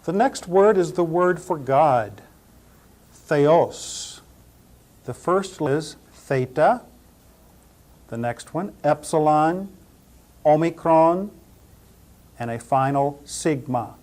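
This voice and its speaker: A man gives a slow, methodical pronunciation lesson in a somewhat high voice. He names each letter in turn and says every word several times so a listener can follow. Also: lively intonation, darkish tone. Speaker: Greek teacher.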